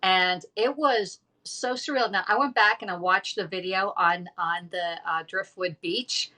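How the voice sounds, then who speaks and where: A woman's voice: medium pitch, fairly even intonation, unhurried, sharp tone. A woman, chatting casually on a livestream from home and rambling through a story with lots of fillers. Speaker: livestream host.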